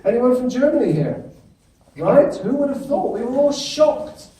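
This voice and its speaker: British male keynote speaker, higher voice, engages the room, recorded far off in a reverberant hall. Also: big pitch swings, moderate pace, warm tone. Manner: engaging, asks the audience questions. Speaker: conference speaker. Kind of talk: humorous keynote talk. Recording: echoey hall, mic far off.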